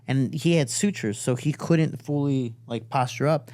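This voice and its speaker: A man's voice: medium pitch, moderate pace, darkish tone, dry recording. Swearing storyteller man, dry studio sound. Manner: profane, acts out quoted voices. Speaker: podcast host and fighter. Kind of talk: casual storytelling.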